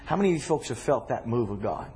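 A man preaching a sermon to a congregation in a church, talking casually to the room and breaking into loud shouts. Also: mid-range voice, fast, a little hiss or hum. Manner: animated, shouting bursts and conversational asides to congregation.

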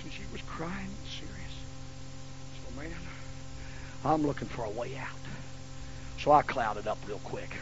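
A man's voice: mid-range voice, big pitch swings, unhurried, pauses often. A man, preaching a fiery sermon in a folksy storytelling way in a church. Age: 50s. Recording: lo-fi recording with faint hum.

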